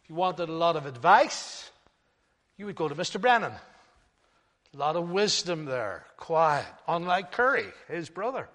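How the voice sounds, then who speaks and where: An older man preaching a sermon as pastor, emphatic, swinging between loud stresses and hushed asides. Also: a little high, sing-song, a little slow. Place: church hall. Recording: long hall reverb.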